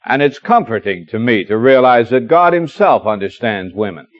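A middle-aged man preaching an expository sermon, reading scripture slowly and explaining it with gentle humor. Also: medium pitch, lively intonation. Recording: dull lo-fi dry recording.

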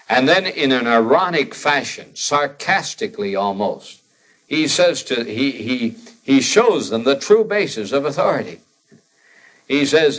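Earnest male preacher, mid pitch. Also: sing-song, unhurried, a bit bright. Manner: earnest, builds to emphatic rising lines when quoting; conversational with fillers and restarts. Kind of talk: expository sermon.

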